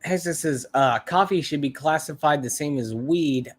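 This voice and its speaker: A man with a slightly higher voice talks loosely to viewers on a livestream. He rambles, repeats himself and swears freely, in a blunt, offhand way. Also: normal speed. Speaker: livestream host. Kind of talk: casual chat to live viewers.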